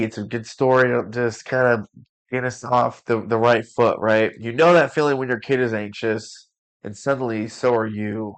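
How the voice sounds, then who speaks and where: A male parent coach hosts his podcast in a relaxed, casual way. He uses fillers and trips over names now and then. His voice sits at a middle pitch. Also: moderate pace.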